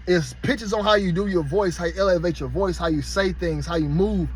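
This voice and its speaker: Blunt, high-pitched man ranting. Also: a little fast, a little hiss or hum. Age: 30s. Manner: blunt, heated, profane. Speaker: vlogger. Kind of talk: casual rant to camera.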